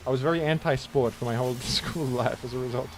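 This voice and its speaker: A man's voice: mid-range voice, quick pace. A man streaming a video game, chatting casually and telling rambling, self-mocking stories between moves. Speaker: gaming streamer. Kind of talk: casual commentary while playing. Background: faint background music.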